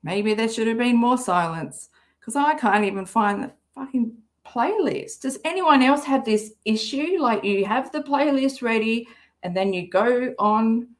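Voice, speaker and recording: An Australian woman hosting a casual livestream, rambling and swearing often, with a slightly hoarse throat. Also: fairly high pitch, expressive, a little slow. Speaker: livestream host.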